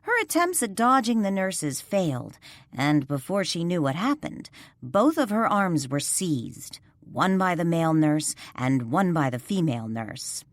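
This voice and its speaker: A woman narrating a ghost mystery audiobook in an expressive storytelling voice. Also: fairly low pitch, measured pace, no echo, clean studio sound. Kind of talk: scripted narration.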